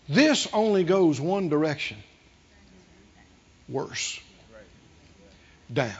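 A man's voice: a little high, big pitch swings, takes it slowly, long pauses, breathy edge, dull audio. An older man preaching a sermon, with a drawling delivery and frequent chuckles.

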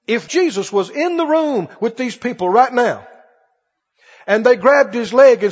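A man's voice: very high voice, lively intonation, moderate pace, slightly rough. A man preaching a sermon with passion, acting out pleading prayers and the lines of scripture. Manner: impassioned, acts out pleading prayers and quotes. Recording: dull sound in a reverberant hall.

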